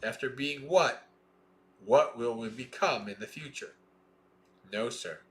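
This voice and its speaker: A man reading a Buddhist scripture aloud in a slow, measured way, with plain explaining asides between passages. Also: medium pitch. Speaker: Dhamma reader.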